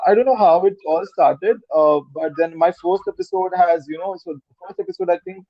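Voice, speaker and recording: Chatty Indian man, slightly high voice. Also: no room sound, dull audio. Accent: Indian English. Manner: rambling, repeats words, mixes Hindi into English. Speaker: podcast guest. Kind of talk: casual interview chat.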